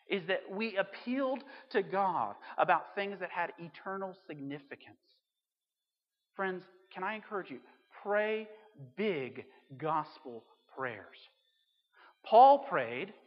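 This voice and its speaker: A pastor preaching a sermon in a conversational way, with emphatic swings between loud and quiet. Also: male voice, high voice. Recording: dull sound with long hall reverb.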